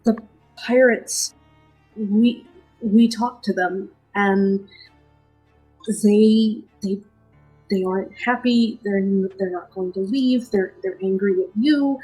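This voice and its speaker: A woman voicing a nervous young male half-drow rogue who stammers and speaks quietly, like an apology. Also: medium pitch, fairly even intonation, slow pace, pauses often, breathy edge, faint music behind, low-quality recording.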